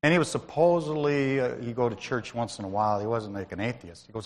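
A man's voice: medium pitch, steady tone, quick pace, a little mellow, in a large hall. A man giving a testimony at church in a conversational, storytelling way, calling out to listeners by name. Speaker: lay speaker at church. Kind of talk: sermon-style testimony.

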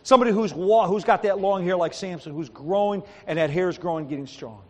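A man's voice: sits high, brisk, darkish tone. A man as pastor giving a sermon, telling stories animatedly and acting out the people he quotes. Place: church sanctuary. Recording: long hall reverb.

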